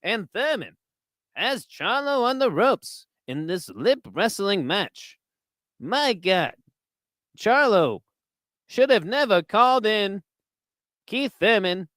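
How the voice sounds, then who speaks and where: A man's voice: sits high, very animated, a bit bright, dry recording, voice pushed up, exaggerated voice. A man doing a pompous old boxing announcer. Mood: grandiose. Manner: drawn-out dramatic cadence, big words. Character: pompous older male boxing commentator, grandiose. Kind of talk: impression.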